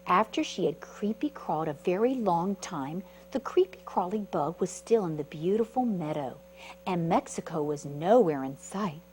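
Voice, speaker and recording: A woman's voice: on the low side, moderate pace, slight background noise, rough recording. A woman reading a picture book aloud to children at storytime, asking her young listeners questions as she goes. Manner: animated, asks the listeners questions.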